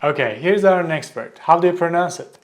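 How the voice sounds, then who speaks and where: A man teaching a pronunciation lesson, repeating words slowly and carefully for the learner. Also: fairly high pitch, expressive, soft background music. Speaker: language teacher.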